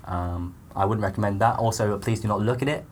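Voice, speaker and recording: A man's voice: lowish voice, fairly quick, slight background noise, lightly acted. A man doing a loose celebrity impression in comedy improv, a rambling, hesitant, self-promoting beer seller. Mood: boastful. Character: man's mock film-star impression, pushy beer seller.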